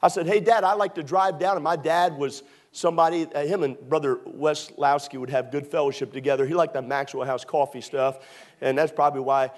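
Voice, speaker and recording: A man's voice: mid-range voice, steady tone, fairly quick. A man from Maryland preaching a sermon as pastor. His delivery is conversational and joking, with emphatic swells.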